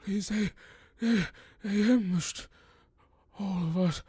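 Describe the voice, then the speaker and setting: A desperate, dying old man, voiced by a man running the game begs for help in broken, trembling phrases. His voice sits higher than the speaker's usual, shaky and urgent, recorded close and dry. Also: slow pace, mellow, breathy edge, dry recording, exaggerated voice. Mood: pleading. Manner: breathless, pleading, shaky.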